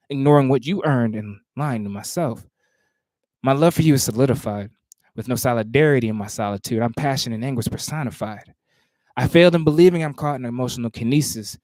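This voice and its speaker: A man rehearsing his own spoken word poetry, reciting lines, stopping, and talking to himself about pauses before starting over. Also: no echo. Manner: stops and restarts lines, talks asides to himself; rises louder and higher when reciting.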